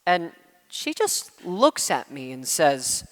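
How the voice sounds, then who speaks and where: A man's voice: a little high, very animated, takes it slowly, fairly bright tone, exaggerated voice. A student playing a wry, weary father. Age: teens. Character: weary traveling father writing home to his sons. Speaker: student actor. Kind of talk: stage monologue reading a letter. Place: school auditorium stage. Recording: echoey hall from a room mic.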